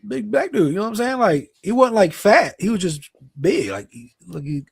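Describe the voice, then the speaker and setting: A man's voice: high-pitched, very animated, vocal fry, slightly rough, dry recording. Rambling male podcast co-host, dry sound. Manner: rambling, halting with fillers and restarts. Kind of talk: casual late-night chat, storytelling.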